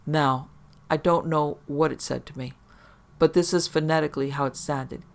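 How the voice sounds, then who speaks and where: A man narrating a first-person horror story in a steady, measured way. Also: a little high, creaky.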